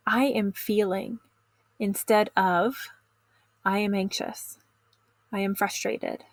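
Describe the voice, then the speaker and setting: Calm encouraging woman coaching teens. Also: mid-range voice, no echo. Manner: calm, encouraging, talks straight to the viewer. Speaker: teen stress coach. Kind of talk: instructional video lesson.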